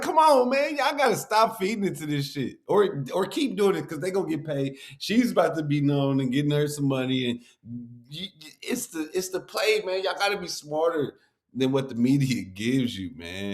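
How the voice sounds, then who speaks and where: A man hosting a reaction video, ranting animatedly and profanely with frequent laughs. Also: a little high. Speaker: host reacting to a clip. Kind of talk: casual reaction commentary.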